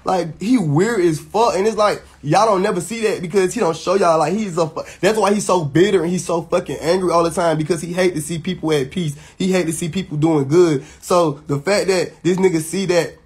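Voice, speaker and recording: A man's voice: sits high, fairly even intonation, a little fast, few pauses, husky. A man, venting heatedly and emphatically to his viewers, swearing and restarting often. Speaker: social media personality. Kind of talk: venting straight to camera.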